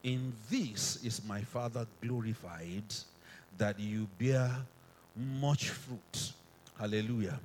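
A man's voice: fairly low pitch, slow pace, a little mellow, a little hiss or hum. A man preaching a sermon from a stage in a hall, often quizzing the crowd to finish verses and repeating phrases for emphasis.

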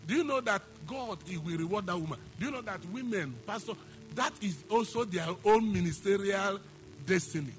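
A man's voice: high-pitched, expressive, normal speed, faint music behind. A man preaching a sermon, emphatic, repeating phrases and asking the congregation questions. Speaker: pastor.

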